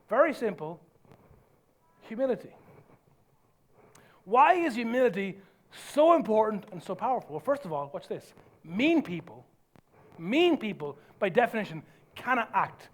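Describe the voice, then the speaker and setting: A pastor delivers an earnest sermon in a strikingly high voice for a man. He preaches emphatically and drops to soft, low lines to make his points land.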